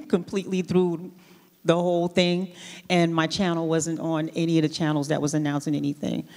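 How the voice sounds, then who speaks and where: Lively, laughing woman in echoing theater. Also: sits low, vocal fry. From New York. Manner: animated storytelling with laughs and restarts. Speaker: award honoree guest. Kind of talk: onstage interview conversation. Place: large theater stage. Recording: long hall reverb.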